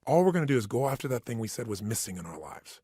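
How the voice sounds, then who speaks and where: Husky, fast-talking man giving a pep talk. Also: medium pitch, very animated, dark tone, dry recording, studio quality. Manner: emphatic, acts out inner voices. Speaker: motivational speaker. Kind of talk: motivational talk.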